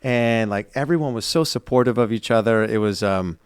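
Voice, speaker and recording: Rambling, animated male podcast host. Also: mid-range voice, a little fast, clean tone, dry recording, studio quality. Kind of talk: casual chat.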